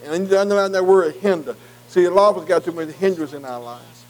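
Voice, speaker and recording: A man with a high voice teaches a Bible class the way a preacher delivers a sermon. He talks earnestly and in plain, informal speech. He keeps leaving words for his listeners to fill in and checks in with them again and again. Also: fast, poor audio. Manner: call-and-response fill-in questions; repeated "am I right?" checks with listeners.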